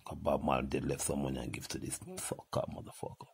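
A deep-voiced older man with a Jamaican accent, his voice husky and full of fry. He rants and swears in a heated, animated way, jumping from one topic to the next. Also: fast. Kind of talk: heated profane rant.

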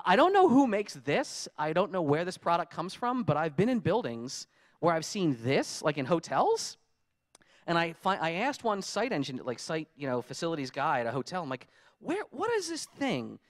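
A man giving a conference talk, telling lively stories and acting out his own frustrated quotes. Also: on the high side, fairly quick. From United States. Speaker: conference speaker. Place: conference hall.

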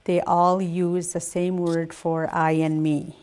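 Slow, careful older woman teaching. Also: on the low side, flat delivery, a little mellow. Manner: slow, careful, repeats each word. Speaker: Cree language teacher. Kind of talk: slow spoken language lesson.

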